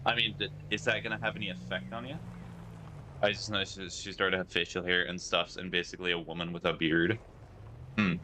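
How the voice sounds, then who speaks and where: While playing a driving game on a live stream, a man with a deep voice chats casually at a fairly quick pace, answering messages from his viewers. The recording carries constant background noise and hum.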